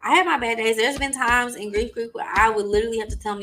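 Woman w/ aave just talking on her podcast, bright punchy voice, keeps checking in with "okay?". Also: fairly high pitch, fast talker, slight background noise. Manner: emphatic, repetitive, conversational with frequent "okay?" and "y'all". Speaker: podcast host and mental health business owner. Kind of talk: casual solo podcast talk.

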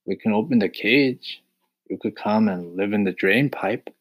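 A man's voice: on the low side, normal speed, breathy edge. A man voicing a fussy, stingy male mouse in an audiobook, speaking in a theatrical, self-pitying way. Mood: coaxing. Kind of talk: audiobook character voice.

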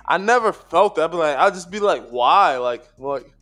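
A man's voice: fairly high pitch, lively intonation, moderate pace, a bit bright, faint music behind. A man co-hosting a podcast in casual chat, rambling with lots of fillers, restarts and swearing. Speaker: podcast co-host.

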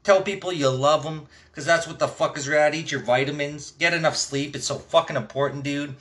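A man's voice: on the high side, fairly quick, few pauses. A man hosting his own podcast in a casual, laid-back way, swearing constantly as he chats. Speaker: podcast host. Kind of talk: casual stoner podcast chat.

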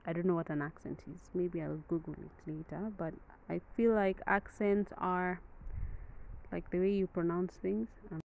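A woman's voice: on the low side, little pitch movement, normal speed, creaky, phone-quality sound. A woman with a Kenyan accent, hosting a podcast outdoors in a rambling, chatty way that keeps correcting itself. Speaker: podcast host. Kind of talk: casual podcast monologue. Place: outdoors in the wind. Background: wind noise.

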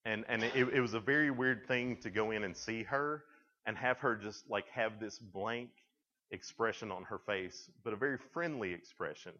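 A young man speaking to junior high students, telling stories in a conversational way with frequent restarts. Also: moderate pace, sharp tone, in a large hall. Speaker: youth speaker. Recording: dull lo-fi sound.

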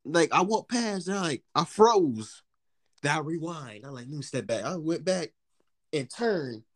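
A young man telling a casual story in a podcast chat, animated and profane, acting out what people said. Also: a little high, a little slow. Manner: animated, profane, acts out quoted voices.

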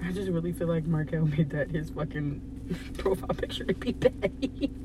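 A woman's voice: low-pitched, moderate pace, noisy background. A young woman chatting casually with a friend, speaking in an emphatic, profane, joking way. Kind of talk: casual chat.

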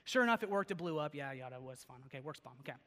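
High-voiced young man preaching in a hall. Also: racing. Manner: chatty and animated, lots of "like" and "okay?". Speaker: pastor. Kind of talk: casual sermon with personal stories. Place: church sanctuary. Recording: long reverb of a large hall.

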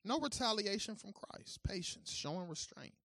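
A man preaching a sermon who moves between calm teaching and loud, high-pitched preaching, talking informally straight to his congregation. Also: brisk, no echo, clean studio sound. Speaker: pastor.

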